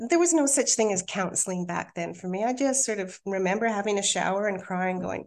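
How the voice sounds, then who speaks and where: A woman's voice: mid-range voice, a little mellow. Woman, middle-aged, podcast guest, candid emotional storytelling, reads her poem aloud. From Australia. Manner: candid, emotional, halting with restarts. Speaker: guest, hypnotherapist and coach. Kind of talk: personal storytelling and poetry reading.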